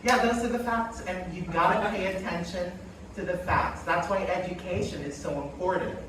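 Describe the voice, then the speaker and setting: A woman's voice: fairly low pitch, moderate pace, fairly bright tone. A woman ventriloquist comedian performing live, playing the patient, mock-earnest straight man to her puppet. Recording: echoey hall from far off with audience noise.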